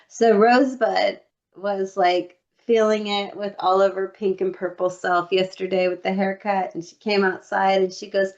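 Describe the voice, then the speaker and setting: A woman co-hosts a laid-back podcast, heard through a slightly dull, lo-fi recording. Her pitch is ordinary, and she tells lively stories, slipping into the voices of the people in them. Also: normal speed. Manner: lively storyteller who acts out quotes. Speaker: podcast co-host. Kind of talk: casual chat.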